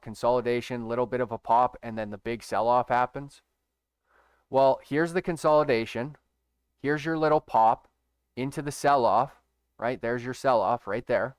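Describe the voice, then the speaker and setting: A man's voice: medium pitch, clear, resonant tone, no room sound, clean studio sound. A man giving a casual screen-share trading tutorial, emphatic and profane, who keeps checking in with his viewers. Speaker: stock trading educator.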